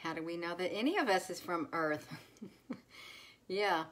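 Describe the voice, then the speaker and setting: A woman's voice: lowish voice, expressive, moderate pace. A woman hosting a casual live stream, greeting viewers one by one by name with many fillers. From United States. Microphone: phone.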